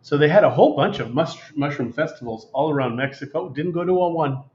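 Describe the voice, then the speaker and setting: A co-host of a casual chat show, this man has a fairly high, darkish voice and a brisk pace. He jokes around, telling stories with playful exaggeration, and the livestream sound is roomy, dull, and lo-fi.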